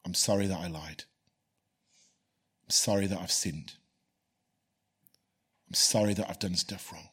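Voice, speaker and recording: Male pastor, lowish husky voice, earnest and repetitive. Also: fairly even intonation, measured pace, pauses often, a bit bright. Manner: earnest, repeats key phrases for emphasis. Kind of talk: preaching, then leading a prayer.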